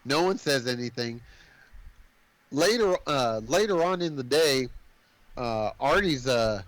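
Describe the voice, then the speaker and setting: A man co-hosting a podcast, casually retelling a film's plot in a rambling, animated way, full of filler words. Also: mid-range voice, a little slow, dry recording, poor audio. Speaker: podcast co-host. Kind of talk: casual movie recap chat.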